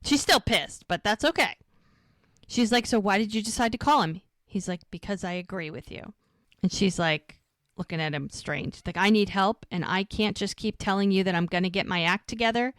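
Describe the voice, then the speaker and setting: A woman's voice: medium pitch, moderate pace, fairly bright tone, no room sound, studio quality. A woman co-hosting a casual rewatch podcast, recapping episode scenes and acting out the dialogue. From United States. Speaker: podcast co-host.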